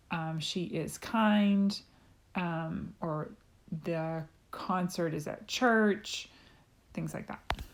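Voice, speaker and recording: Woman teacher, slow patient explaining, lowish voice, lots of ums. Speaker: Spanish teacher. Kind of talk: recorded classroom lesson.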